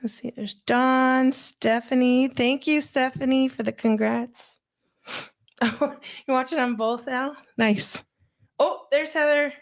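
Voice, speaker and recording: A woman hosts a casual livestream at an unhurried, easygoing pace. She greets viewers by name and chats loosely as the comments roll in. Her voice sits a bit high for a woman. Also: fairly even intonation. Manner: chatty, greeting viewers by name, laughs often. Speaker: livestream host.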